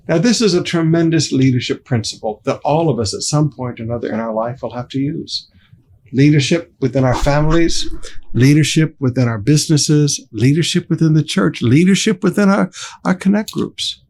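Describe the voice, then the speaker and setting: A man's voice: on the high side, moderate pace, darkish tone, slight background noise. A man pastor preaching a sermon, emphatic and speaking straight to his congregation.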